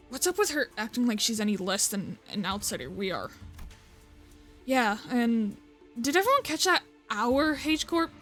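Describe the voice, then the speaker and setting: A chatty woman streamer talks casually over a game with a fairly high voice. She swears freely and keeps joking about herself and laughing. Faint music plays under her talk. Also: bright, forceful tone. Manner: chatty and self-mocking, swears often, laughs a lot. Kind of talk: casual game stream commentary, reading story text aloud.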